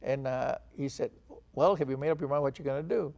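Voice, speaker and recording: A fast-talking older veteran from San Antonio tells his stories in an oral history interview. His mid-range voice is creaky and a little mellow, and he acts out the dialogue he quotes.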